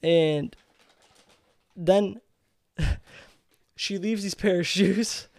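A man in his twenties, a podcast co-host telling a story in heated, profane, animated casual chat. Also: high-pitched, drawn-out words, creaky, dry recording. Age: 20s.

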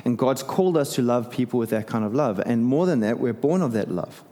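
A middle-aged man, a pastor, preaching a sermon in a casual, conversational way with animated turns and self-deprecating asides. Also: medium pitch, a little fast. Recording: long hall reverb.

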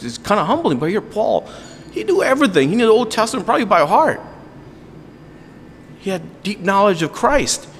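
A man's voice: high voice, in a large hall, slight background noise. A man preaching a sermon as pastor, earnest and conversational, with joking asides to his congregation.

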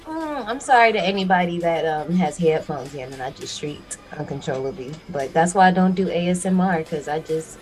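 A woman's voice: fairly low pitch, animated, fairly quick, few pauses, poor audio. A young woman co-hosting a podcast, chatting casually, laughing often and saying y'all. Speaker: podcast co-host. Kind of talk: casual chat.

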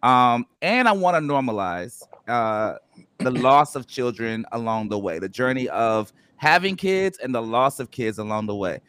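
A man's voice: mid-range voice, animated, moderate pace, a bit bright, smooth, no echo. A man hosting a casual podcast chat, playful and loose, with plenty of fillers as he leads the talk. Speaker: podcast host.

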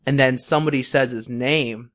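A man's voice: medium pitch, steady tone, moderate pace, fairly bright tone. A young man co-hosting a podcast, telling a long story in a casual, rambling way with many fillers and restarts. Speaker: podcast co-host.

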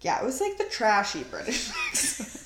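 A woman's voice: on the high side, huge pitch swings, normal speed, a bit bright, echoey room. An American woman co-hosting a podcast, recapping a movie in casual chat, hesitant and full of fillers. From United States. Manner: chatty, hesitant with many ums and likes. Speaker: podcast co-host.

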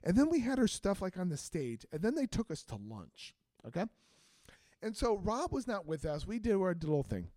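A high-voiced man tells a story in casual chat, his pitch swinging widely as he acts out what people said. He is a teacher and band director. The sound is dry and close. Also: normal speed, no echo. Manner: animated, acts out quotes with big pitch jumps.

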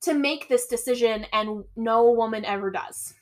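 A woman's voice: fairly high pitch, normal speed. A young adult woman co-hosting a podcast, recapping a film in casual, filler-heavy chat and laughing often. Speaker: podcast co-host. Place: Portland area, Oregon.

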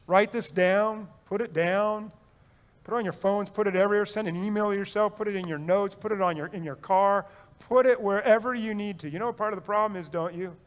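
A man preaching a sermon as pastor, swinging between loud urging and quiet reflection, repeating phrases and joking with the congregation. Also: high-pitched. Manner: repeats phrases for effect, jokes and chuckles.

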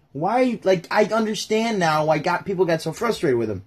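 A man with a husky, slightly high voice talks casually to his audience, joking and rambling as he reads the Bible and reacts to it. He sounds like a laid-back host chatting rather than preaching. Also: sing-song, moderate pace, few pauses. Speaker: YouTuber and podcaster. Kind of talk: casual Bible reading and commentary.

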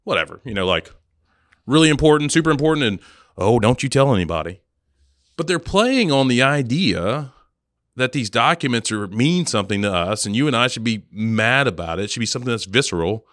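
A man co-hosting a podcast in casual chat, sarcastic and animated, laughing often. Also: medium pitch, a little fast, no room sound, studio quality. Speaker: podcast co-host.

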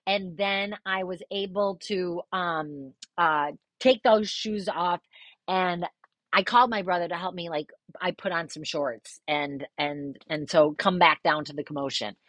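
A middle-aged woman hosting a podcast, casually telling a personal story, animated, swearing freely and acting out what people said. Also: fairly low pitch, unhurried, no room sound. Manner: animated, swears freely, acts out quoted voices.

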